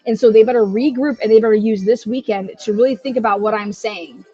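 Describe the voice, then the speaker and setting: A woman's voice: on the high side, fairly even intonation, fairly quick, dark tone, breathy edge. Woman ranting profanely, dull lo-fi audio. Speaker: livestream host. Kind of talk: heated true-crime livestream commentary.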